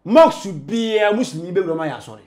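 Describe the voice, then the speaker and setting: A man being interviewed, talking in an emphatic, preachy way with sudden loud bursts. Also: high voice, very animated, fairly quick. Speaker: interview guest. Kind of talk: animated conversational interview.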